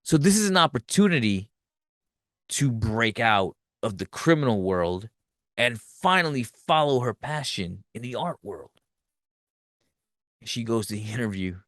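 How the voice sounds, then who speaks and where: A man hosting a podcast, retelling a film's plot in a loose, profane, animated way and acting out the characters' lines. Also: mid-range voice, no room sound, clean studio sound. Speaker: podcast host. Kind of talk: casual movie recap.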